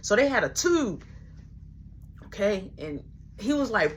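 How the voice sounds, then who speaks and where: A young woman telling a casual story, animated and acting out everyone's voices as she goes. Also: high voice, normal speed.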